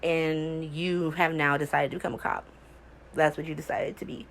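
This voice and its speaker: A woman's voice: sits low, little pitch movement, normal speed, vocal fry, a bit bright, slight background noise, rough recording. A woman hosting a casual soap opera recap from home, talking in a sassy, exasperated way full of rhetorical questions.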